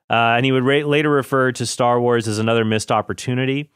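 A man's voice: medium pitch, fairly even intonation, quick pace, a bit bright, clean tone, dry recording, clean studio sound. A man in his thirties casually talking about films, chatty and self-correcting, often laughing at himself. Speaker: film commentary host. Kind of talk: casual film commentary.

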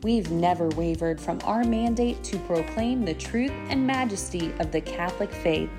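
Woman announcer, scripted promo, earnest, music clearly behind. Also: fairly low pitch, normal speed.

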